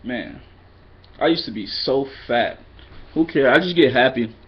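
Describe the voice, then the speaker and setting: A man's voice: medium pitch, lively intonation, unhurried, slightly rough. Rambling casual man, lo-fi sound. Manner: rambling, loose and self-deprecating, drops in Spanish phrases. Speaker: vlogger teaching Spanish. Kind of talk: casual vlog lesson.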